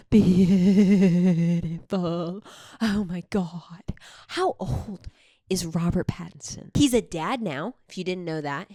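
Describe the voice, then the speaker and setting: A young woman chatting to camera with a bouncy, swooping voice that leaps high and dips low. She gushes and swears freely. She holds a microphone close, and the sound is dry and close. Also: no room sound. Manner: animated, swearing, gushing. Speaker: vlogger. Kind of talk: casual chat. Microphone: handheld microphone.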